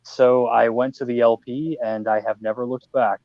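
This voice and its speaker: A man hosting a podcast over a video call, chatting casually in an animated, joking, rambling way. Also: mid-range voice, moderate pace, dry recording, muffled recording. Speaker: podcast host. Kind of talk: casual chat.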